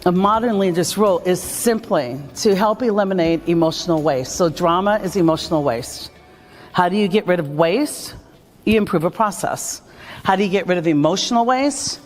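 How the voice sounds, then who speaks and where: A woman speaking about leadership at a conference, energetic and acting out the voices of the people she quotes. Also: fairly low pitch, normal speed. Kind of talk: conference talk and vlog.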